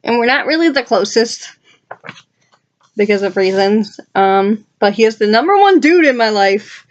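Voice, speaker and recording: A woman's voice: a little high, animated, moderate pace, muffled recording, a little hiss or hum. A woman vlogger chatting casually and with enthusiasm as she flips through her journal, adding asides to her viewers. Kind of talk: casual rambling chat.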